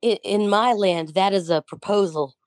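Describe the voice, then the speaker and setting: A hoarse woman co-hosting a podcast, playful and joking in casual chat. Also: medium pitch, moderate pace. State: hoarse from a cold. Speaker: podcast co-host. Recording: loud background noise.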